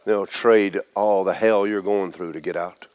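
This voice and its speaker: A man preaching a folksy, animated sermon, jumping between shouts and hushed asides. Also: deep voice, a little slow. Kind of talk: lively sermon with acted quotes.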